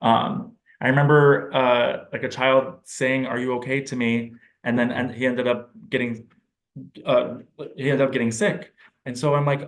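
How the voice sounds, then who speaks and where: A man speaks at a middle pitch, explaining his subject in a relaxed, informal teaching way. He pauses now and then to think aloud. The recording is roomy, with noticeable echo. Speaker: speech-language pathologist presenting to parents.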